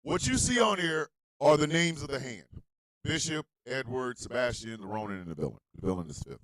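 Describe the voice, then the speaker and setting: A man hosting a comedic live internet radio show, ranting loudly and bluntly in crude slang to his listeners, often shouting. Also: medium pitch, brisk, no room sound, poor audio. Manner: loud, animated, often shouting and laughing.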